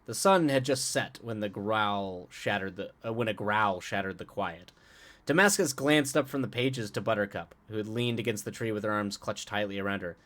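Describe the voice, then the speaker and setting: A man hosting a live stream, chatting with viewers in a rambling, halting way full of restarts and chuckles, then reading a story aloud. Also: on the low side, fairly bright tone. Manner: answers chat directly, playful.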